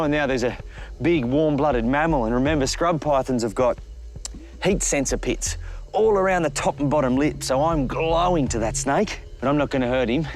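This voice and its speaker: A middle-aged Australian man presenting wildlife on location outdoors, chatty and lively, often talking straight to the animal. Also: a little high. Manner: lively, chatty, talks directly to the snake. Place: outdoors in the bush and by a road.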